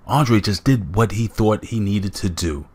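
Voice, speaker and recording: Man, host, casual countdown commentary, enthusiastic, addresses viewers, lower pitch. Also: expressive, measured pace, a little mellow, husky.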